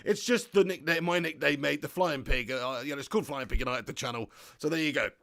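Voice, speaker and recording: A young man hosts a live football watch-along, reading viewer comments aloud and chatting excitably, laughing a lot and swearing casually. His voice is on the high side and creaky, and he talks fast.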